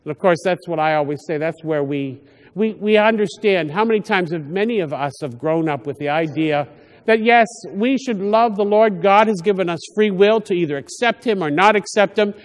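A priest with a high, light voice delivers a homily, speaking plainly and often stopping to restart a thought. His words ring out with the long reverb of a church. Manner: conversational, halting with frequent restarts.

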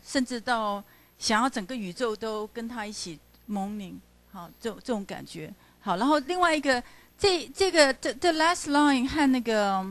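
Halting woman lecturer scanning poetry aloud. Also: a little high, no echo. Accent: Taiwanese Mandarin. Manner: halting, many "uh" fillers, stresses words while scanning poetry. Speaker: university literature lecturer. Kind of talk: classroom lecture mixing Mandarin and English. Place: university classroom.

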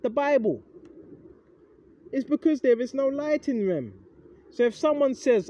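A man's voice: extremely high pitch, very animated, moderate pace, pauses often, dark tone, dull audio. A man giving an informal, rambling Bible lesson, emphatic and swearing casually, forever asking "right?". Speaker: preacher.

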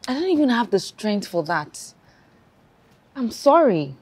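A woman's voice: on the high side, very animated, measured pace, slightly rough, exaggerated voice. An actress playing a decisive young woman, playful with her lover, in a film. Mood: firm. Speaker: woman caught between two men. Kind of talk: film acting.

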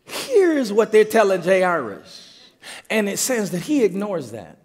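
A man's voice: high voice, big pitch swings, slow pace, slight background noise. A man preaching a sermon as pastor, driving his point home with emphatic repetition and stammered restarts. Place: church auditorium. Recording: long reverb of a large hall.

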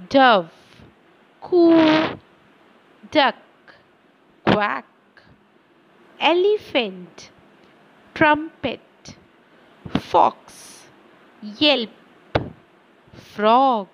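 A woman teacher giving a slow, deliberate lesson to children, reading words out one by one. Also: a little high, muffled recording. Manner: slow and deliberate, reads word lists aloud; addresses children directly.

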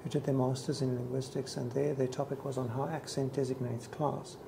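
A man with a Johannesburg South African accent, a tour guide chatting in a lively, teasing way. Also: mid-range voice, a little fast, creaky, background noise. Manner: animated storyteller, teasing. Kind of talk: casual conversation.

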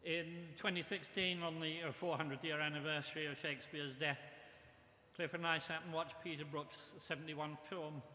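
An older man giving a memorial tribute speech, reminiscing in a measured way. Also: a little high, steady tone, pushed and bright, a little hiss or hum. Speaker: memorial speaker. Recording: echoey hall with long reverb.

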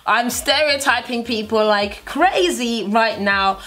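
A young woman talks through her makeup in a chatty, bubbly way. Her voice sits at an ordinary pitch for a woman. Soft music plays faintly behind her. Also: moderate pace. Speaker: beauty vlogger. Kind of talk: casual makeup tutorial chat.

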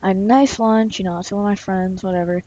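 A woman's voice: medium pitch, fairly even intonation, quick pace, warm tone, slight background noise. A woman vlogger telling a story in a casual, chatty way, with many fillers and some laughter. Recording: dull lo-fi recording.

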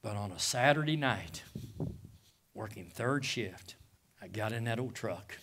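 A middle-aged man preaching a sermon, moving between hushed, nearly whispered testimony and loud impassioned passages, calling out to the congregation with "Amen?" and "guys.". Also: fairly low pitch, animated, a little slow, background noise. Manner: addresses listeners as "guys" with call-outs of "Amen?". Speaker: pastor.

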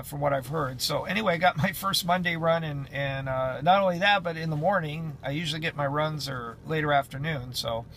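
A man's voice: a little high, gravelly, sharp tone, a little hiss or hum. A man who drives runs chatting casually in a vlog update, rambling with many fillers and restarts. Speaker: truck driver vlogger.

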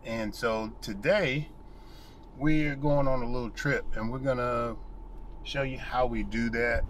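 A man's voice: medium pitch, unhurried, a little hiss or hum. Chatty man vlogging. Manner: relaxed, chatty, laughs easily. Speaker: RV travel vlogger. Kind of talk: casual chat to camera.

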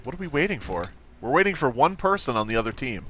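A man's voice: mid-range voice, big pitch swings, fast, slight background noise. A man streaming a video game live, playful and swearing, giggling and humming nonsense to himself as he plays. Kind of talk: live gameplay commentary. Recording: loud game sounds behind voice. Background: video game effects and voice lines.

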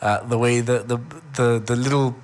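A man's voice: mid-range voice, steady tone, normal speed. A man hosting a radio interview, mostly giving brief murmured backchannels and short prompts. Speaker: radio host. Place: radio studio.

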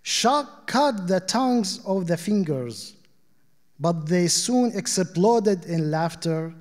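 A man reading short fables aloud at a literary panel in a measured, deliberate way. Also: sits high, lively intonation, darkish tone. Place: arts center auditorium. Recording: long hall reverb.

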